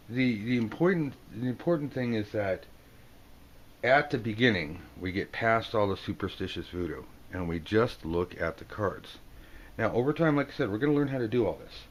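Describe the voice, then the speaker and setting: Playful low-voiced man teaching tarot. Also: lively intonation, highs cut off, slight background noise. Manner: playful, jokey, acts out card characters in quick silly voices. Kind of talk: casual video lesson.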